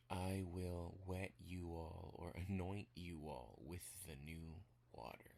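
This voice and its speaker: A man giving a casual spoken language lesson, walking through examples step by step in a relaxed way. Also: sits low, takes it slowly, creaky, few pauses, a little hiss or hum. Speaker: language teacher.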